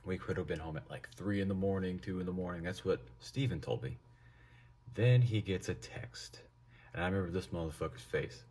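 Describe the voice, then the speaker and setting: A young man telling a casual storytime with lots of swearing and animated delivery. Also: low-pitched, fairly quick, a little hiss or hum. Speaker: vlogger.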